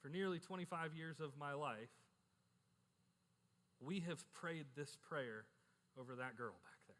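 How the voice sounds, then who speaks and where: A man's voice: on the high side, unhurried, long pauses, a bit bright. A middle-aged male pastor preaching a sermon in a candid, conversational way, often repeating words as he starts a sentence. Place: church. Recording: echoey church hall.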